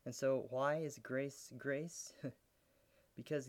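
A man preaching a sermon as a pastor, teaching in an earnest way with soft laughs and growing intensity. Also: medium pitch, steady tone, slow, long pauses.

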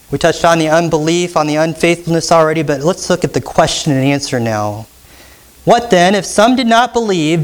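A pastor preaching an expository sermon, emphatic and teacherly, asking the congregation questions as he goes. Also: sits high.

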